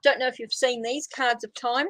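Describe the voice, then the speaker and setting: A woman's voice: fairly high pitch, fairly even intonation, moderate pace, fairly bright tone, no room sound. A woman with a New Zealand accent giving a casual tarot reading on a livestream, thinking aloud as she draws cards. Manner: chatty, thinks aloud while drawing cards. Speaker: tarot reader.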